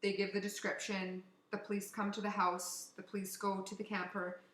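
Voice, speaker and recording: A woman co-hosting a casual podcast from Canada, telling a story in an animated way, swearing and acting out what people said. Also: mid-range voice, normal speed. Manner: animated, swearing, acts out quotes. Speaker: podcast co-host. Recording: echoey room.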